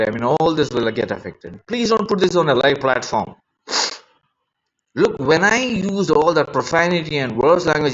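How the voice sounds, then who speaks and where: A man's voice: a little high, fairly bright tone, lo-fi sound. A man rambling in an unscripted live-stream monologue, agitated and emotional, repeating himself as he talks into a phone.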